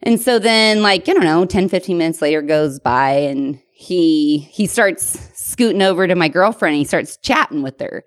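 This podcast co-host, a woman in her thirties, animatedly recounts a night at a bar, peppering her casual chat with "like" and the odd swear word. She speaks with a fairly low pitch at a moderate pace, pausing little, and the studio sound is clean and free of room noise.

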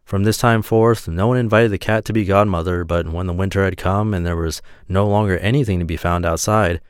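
A man with a low voice reads a fairy tale aloud as a podcast host, relaxed and friendly. The recording is very dry and close, with no room sound. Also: fairly quick, smooth, no room sound.

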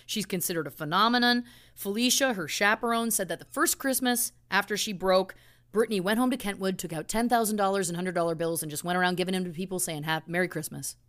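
Brief: woman podcast co-host, chatty storyteller, indignant asides, mid pitch. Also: fast talker, fairly bright tone. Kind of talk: casual true crime podcast chat.

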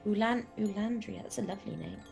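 A woman's voice: mid-range voice, quick pace, gravelly, darkish tone, soft background music. A woman playing her character in a tabletop game, talking hesitantly and politely, with many fillers. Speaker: player. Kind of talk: in-character role-play chat.

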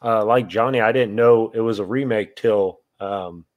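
A man's voice: lowish voice, normal speed, dull audio. A man, a podcast guest, chatting about a film in an easygoing way, laughing after his points. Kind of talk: casual movie review chat.

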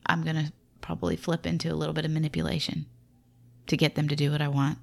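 A woman's voice: low voice, little pitch movement, quick pace, creaky. A woman with a Southern accent, a Christian mother talking through parenting in a casual, folksy, reflective devotional style.

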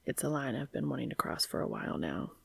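A woman voicing a calm, quietly wry young man in a story she reads aloud, speaking low and breathy. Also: fast, no room sound, heavily acted.

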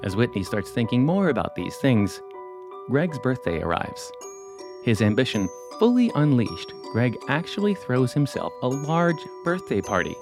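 A male host narrates in a scripted, dramatic way, teasing the listener with questions. His pitch rises and falls a great deal. Clear music plays under his voice. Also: big pitch swings, normal speed.

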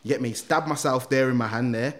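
A man, a guest in a podcast interview, telling his life story in street slang with lively quoted dialogue. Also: mid-range voice, brisk. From England. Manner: street slang, animated retelling with acted quotes. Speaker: guest, reformed gang member.

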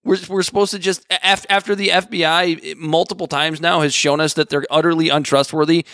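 Bright-voiced man in halting casual talk. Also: a little high, level tone, dry recording, studio quality. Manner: halting, many restarts and fillers. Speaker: podcast co-host. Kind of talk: casual political chat.

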